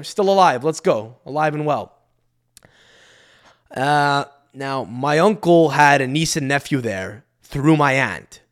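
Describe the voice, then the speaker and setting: Man, young adult, podcast host, profane rant, very lively pitch, slightly high voice. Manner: animated, profane, swings between loud outbursts and muttered asides. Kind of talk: ranting storytelling monologue.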